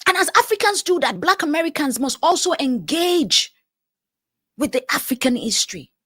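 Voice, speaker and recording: A woman's voice: sits high, sing-song, moderate pace, sharp tone, no room sound. A woman from Nigeria hosting a live stream, speaking earnestly and repeating phrases for emphasis as she answers viewer comments. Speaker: live-stream host, life coach.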